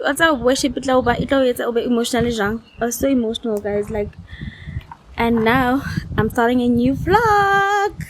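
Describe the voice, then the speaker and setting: A woman's voice: on the high side, noisy background. A young woman, tired, chatting casually to her vlog audience and dropping in Sesotho phrases. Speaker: vlogger.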